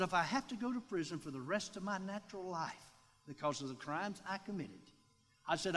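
A man, a pastor giving a sermon testimony, telling his story in an animated way and acting out the voices he quotes. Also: fairly high pitch. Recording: long hall reverb.

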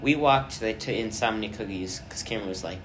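A young man hosting a casual podcast chat, rambling through stories and trailing off quietly at the ends of thoughts. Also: on the low side, a little fast, soft background music. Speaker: podcast host.

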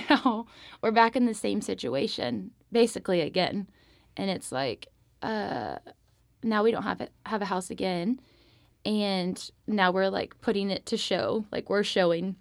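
A woman's voice: mid-range voice, creaky, no room sound, clean studio sound. A woman in her thirties telling a personal faith story on a podcast, chatty and heartfelt, with many fillers. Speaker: podcast guest. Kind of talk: personal testimony, casual.

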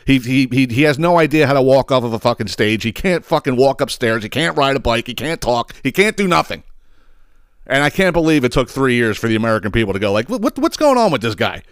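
A man's voice: medium pitch, fast talker, clear, resonant tone, no echo, studio quality. A man hosting a podcast, ranting about politics with heavy swearing and repeated words. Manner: emphatic, swearing, repeats himself. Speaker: podcast host. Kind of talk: profane political rant.

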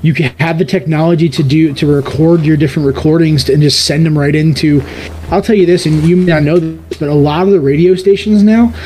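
A man's voice: on the high side, fairly even intonation, brisk, mellow, a little hiss or hum, low-quality recording. A man in his thirties with a subtle New York accent, chatting casually as a podcast guest, rambling with frequent restarts. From New York area, outside the city. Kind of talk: casual chat.

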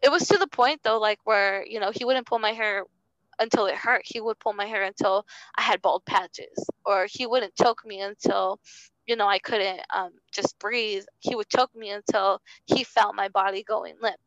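A young woman speaking in an interview with a gravelly, fry-edged voice that still sounds smooth and full. She talks haltingly and earnestly, restarting phrases and leaning on fillers. The sound is close and dry. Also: medium pitch, fairly bright tone, no echo, highs cut off. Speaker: interview guest. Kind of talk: personal testimony in conversation.

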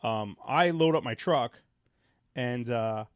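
A man's voice: medium pitch, takes it slowly, clean tone, dry recording, studio quality. Rambling New man telling stories. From New York. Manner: rambling, self-interrupting anecdotes. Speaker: podcast co-host, mail carrier. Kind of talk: casual chat, storytelling.

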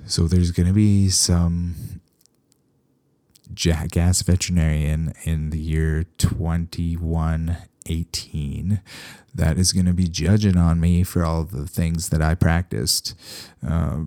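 A man talks in a casual, rambling way, with a voice at the very bottom of the range and a gravelly rasp. His tone is dark and mellow, and the recording is dry. He drops dry, sarcastic asides as he goes. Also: low-pitched, flat delivery, takes it slowly, no room sound. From Canada. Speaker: veterinarian. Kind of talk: casual podcast talk.

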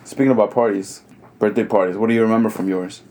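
A man's voice: lowish voice, fairly even intonation, quick pace, a little mellow, a little hiss or hum. A young man co-hosting a podcast, telling rambling stories with frequent laughter. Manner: laughs often, rambling with restarts. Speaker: podcast co-host. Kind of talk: casual storytelling chat.

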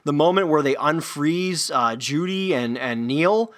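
A man's voice: fairly high pitch, lively intonation, unhurried, a bit bright. A man hosting a solo sports podcast, rambling loosely with lots of fillers and restarts. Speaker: podcast host.

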